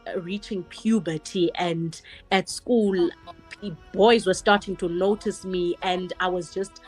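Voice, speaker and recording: Earnest woman guest, lower-pitched, reflective storytelling. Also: fairly even intonation, unhurried, darkish tone, breathy edge, soft background music. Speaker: podcast guest. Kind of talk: personal storytelling.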